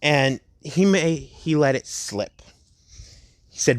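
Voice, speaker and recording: A young man at home casually narrating a fan story, rambling and laid-back, slowing down for the dramatic parts. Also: mid-range voice, expressive, no echo, clean studio sound.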